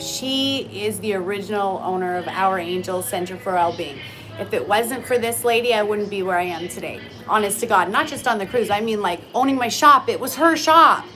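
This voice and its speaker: Middle-aged Canadian woman, rambling heartfelt livestream host, mid-pitched voice. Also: normal speed, music in the background, poor audio. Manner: chatty and heartfelt, many ums and restarts. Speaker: intuitive reader and shop owner. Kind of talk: casual livestream chat. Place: aboard a cruise ship. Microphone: phone livestream.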